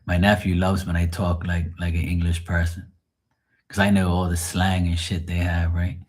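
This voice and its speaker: Husky low-voiced man chatting on a stream. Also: completely flat delivery, moderate pace, darkish tone. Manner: blunt, profane, talks straight to the chat. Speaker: live tarot reader, streamer. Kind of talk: casual live-stream chat.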